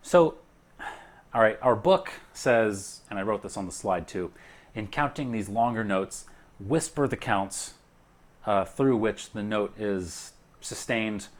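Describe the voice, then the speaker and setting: A man teaching a recorded music lesson, counting beats aloud in a relaxed way with frequent fillers, while a keyboard plays along. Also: lowish voice, takes it slowly. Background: keyboard and clapping.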